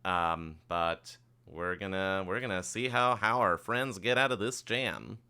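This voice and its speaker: Guy running a tabletop game, lowish bright voice, super clean, chill and jokey. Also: a little slow, clean tone. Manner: relaxed and playful, with light teasing. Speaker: game master and show host.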